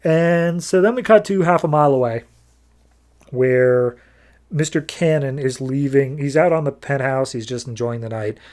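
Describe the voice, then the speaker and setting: A man with a mid-range voice talks through a comic book story in a relaxed podcast recap. He tells it loosely and offhandedly, dropping quick quoted lines along the way. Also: mid-range voice. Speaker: podcast host reviewing comics.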